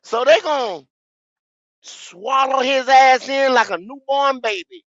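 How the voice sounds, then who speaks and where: A man, hosting a fan podcast, ranting in a profane, repetitive way with sudden shouts. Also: very high voice, slow pace, no echo, dull audio. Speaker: podcast host. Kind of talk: football fan podcast rant.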